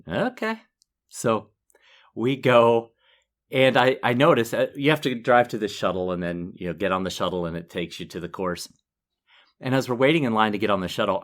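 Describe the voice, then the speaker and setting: A man's voice: lowish voice, fairly bright tone. A middle-aged man co-hosting a podcast, telling a self-deprecating story in casual chat and laughing often. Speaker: podcast co-host.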